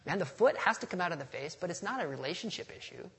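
A man's voice: sits high, animated, fast talker, fairly bright tone. A man preaching a sermon in a conversational, storytelling way, with touches of humor and a passage read aloud.

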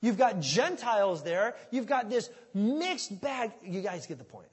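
Animated male preacher, high husky voice, sermon, goes from loud bursts to soft asides. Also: measured pace. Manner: animated, swings from loud excitement to hushed asides. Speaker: pastor. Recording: long reverb of a large hall.

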